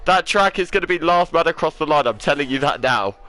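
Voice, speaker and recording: A male commentator calling an online racing league with bursts of excitement as lap times come in. His voice sits a little high for a man, and he talks fast and eager, breathless from the action. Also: crowd noise. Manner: excitable, rising to shouts at big lap times. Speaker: lead commentator. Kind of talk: esports race commentary.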